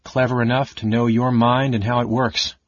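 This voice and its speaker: A man reading an audiobook, voicing a cold, sardonic male mage who speaks softly and evenly. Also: mid-range voice, little pitch movement, no room sound, highs cut off, natural voice. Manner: soft, measured, icy.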